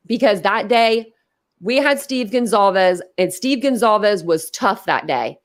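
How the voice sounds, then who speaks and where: A woman's voice: mid-range voice, lively intonation, measured pace. A woman hosting a casual livestream, talking emotionally and bluntly, rambling and swearing as she reacts. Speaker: livestream host.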